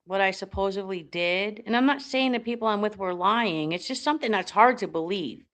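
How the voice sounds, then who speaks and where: A woman's voice: medium pitch, brisk, fairly bright tone. A woman who is a paranormal investigator, talking bluntly in a casual chat, swearing and restarting her sentences.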